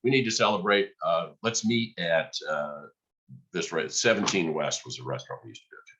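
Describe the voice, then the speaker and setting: A man, a podcast guest, telling a lively story and acting out the dialogue. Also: rumbling low, moderate pace. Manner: animated storyteller, acts out quoted dialogue. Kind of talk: storytelling in conversation.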